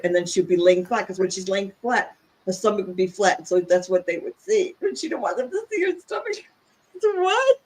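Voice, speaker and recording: Middle-aged woman, podcast co-host; candid, animated storyteller, pitch jumps when she gets riled. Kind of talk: candid casual chat.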